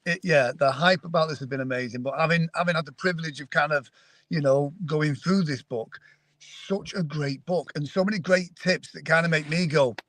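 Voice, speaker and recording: An effusive British man calling in on his phone from a parked car, his voice a little high for a man. He gushes eagerly and chattily, heard dry and close. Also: moderate pace, a bit bright, no room sound. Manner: enthusiastic and effusive. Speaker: guest, author of the foreword. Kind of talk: casual video call chat.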